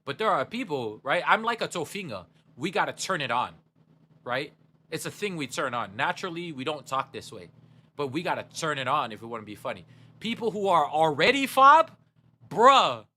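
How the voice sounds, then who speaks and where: A man's voice: on the high side, bright, forceful tone. A young man streaming a game, chatting casually with his viewers in a laid-back, slangy way and laughing often.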